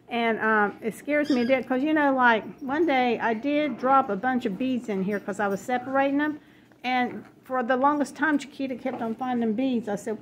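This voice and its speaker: A woman's voice: high voice, a little hiss or hum. A woman, chatting at home as she opens happy mail, gushing and easily delighted. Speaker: crafting vlogger opening happy mail. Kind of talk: casual chat. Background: paper crinkling, dogs in the house.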